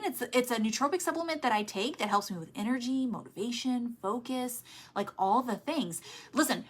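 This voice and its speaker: A woman giving motivational sales coaching in an energetic, emphatic way, telling listeners what to do. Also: fairly high pitch. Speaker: network marketing sales trainer.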